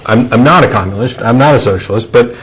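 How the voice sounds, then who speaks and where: A man hosting a studio discussion show, speaking in a measured, thoughtful way with frequent fillers. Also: mid-range voice, fairly bright tone, breathy edge, rough recording. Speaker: show host.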